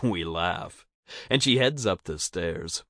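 Slow, deep-voiced male audiobook narrator. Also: expressive, fairly bright tone, no room sound, clean studio sound. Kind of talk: first-person audiobook narration.

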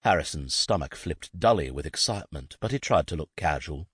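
A man narrating a novel in an expressive, scripted reading. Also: very deep voice, fairly quick, slightly rough, no room sound, clean studio sound. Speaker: audiobook narrator.

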